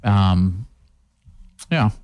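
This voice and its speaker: A man's voice: lowish voice, animated, drawn-out words, darkish tone, clear, resonant tone. A man guesting on a radio show, talking in a laid-back, hesitant way about his woodworking shop. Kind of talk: casual radio interview. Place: radio studio.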